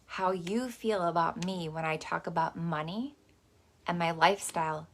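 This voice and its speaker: Low gravelly lady coach doing a motivational talk, super casual, says like and okay a lot, swears a bit. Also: moderate pace. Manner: casual, chatty, salty, lots of "like" and "okay". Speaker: host.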